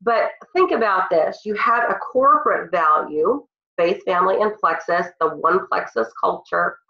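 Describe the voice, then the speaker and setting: A woman's voice: on the low side, lively intonation, unhurried, pushed and bright. Earnest woman with a cold on a call. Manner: earnest and emotional. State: congested from a cold. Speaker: team leader speaking on a call. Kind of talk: motivational team call. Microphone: phone or computer on a call. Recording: roomy, dull lo-fi call audio.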